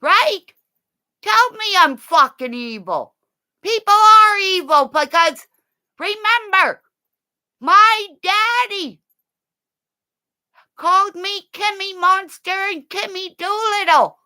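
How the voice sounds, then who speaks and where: A woman ranting in a rambling, profane livestream, swinging between low growling threats and high shouting. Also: lively intonation, slow pace, pauses often.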